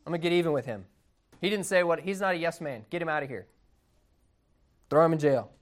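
A man's voice: a little high, lively intonation, quick pace, lightly acted. A man voicing a petulant, spoiled male king who wants a critic thrown in jail. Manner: whiny, peevish.

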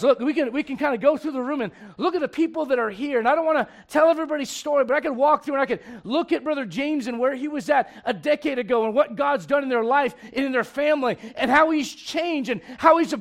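Pastor, male, very high voice, lively sermon that swings from soft asides to shouting. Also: fast talker, gravelly, hardly any pauses. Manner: animated preaching, swings from quiet asides to shouted emphasis; conversational, laughs with the congregation.

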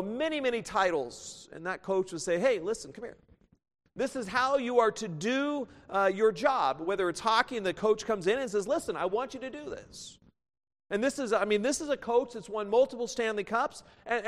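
A man with a high voice preaches a sermon, working through scripture and breaking into the voices of the people he quotes. His words ring out with a long hall reverb behind them. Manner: animated, acts out quoted voices.

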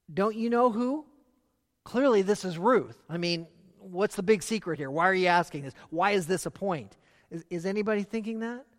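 A middle-aged male pastor preaching a sermon, animated and full of rhetorical questions, with loud emphatic moments and quiet asides. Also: high-pitched. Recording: long hall reverb.

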